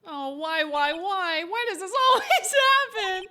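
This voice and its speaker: A woman streamer voicing a goofy, lovesick young man in a video game, reading his lines loud and whiny. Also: extremely high pitch, lively intonation, unhurried, a little hiss or hum, voice pushed up, full character voice.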